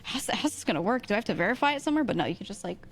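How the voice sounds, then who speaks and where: A woman's voice: medium pitch, animated, very fast, slightly rough, faint music behind. A woman streamer in casual chat, giggly and full of fillers, her voice strained and irritated. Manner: chatty, giggly, lots of fillers.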